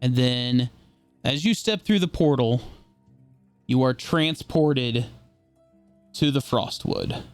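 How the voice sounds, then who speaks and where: A man's voice: medium pitch, slow pace, long pauses, clean tone, no echo, soft background music. A man running a tabletop game as game master, rambling and laughing often.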